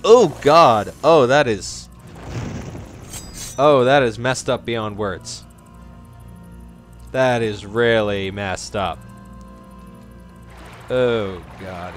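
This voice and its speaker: A man's voice: medium pitch, fairly bright tone. A man hosting a let's play, giving jokey, rambling gameplay commentary. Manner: jokey, rambling, self-mocking.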